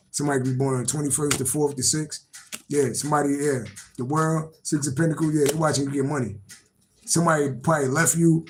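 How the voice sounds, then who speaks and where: A man's voice: a little high, a little hiss or hum, low-quality recording. A man doing a casual live-stream tarot reading, rambling and repetitive, swearing freely and laughing to himself. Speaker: tarot reader.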